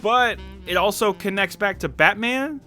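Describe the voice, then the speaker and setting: A man's voice: high-pitched, a little slow, sharp tone, soft background music. A young man giving a casual, rambling film review, full of "like" fillers and frequent laughter. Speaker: movie reviewer.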